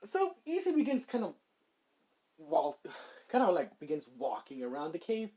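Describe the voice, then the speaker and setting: Rambling fan storyteller, lively pitch. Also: moderate pace. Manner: rambling, many fillers and restarts. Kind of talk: casual improvised fan story narration.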